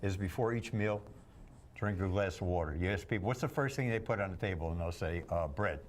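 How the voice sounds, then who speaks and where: A low-pitched man tells jokey stories as a talk-show guest, dropping into other voices for the people in them. He wisecracks between his tips and keeps the tone light. A faint hiss sits under the recording. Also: quick pace. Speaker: bodybuilder and entertainer guest. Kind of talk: joking talk-show storytelling.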